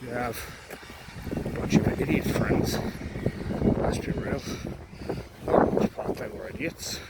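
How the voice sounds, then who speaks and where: A young man talking candidly and reflectively while walking, out of breath, with frequent pauses and restarts. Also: mid-range voice. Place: outdoors walking up a hill. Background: loud outdoor noise.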